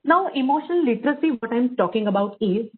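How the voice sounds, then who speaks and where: A woman's voice: a little high, animated, fast, slightly rough. A woman with an Indian accent giving an online workshop talk, explaining with examples and switching between English and Hindi. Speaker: workshop speaker. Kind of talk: online lecture. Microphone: video call. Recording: tinny call audio.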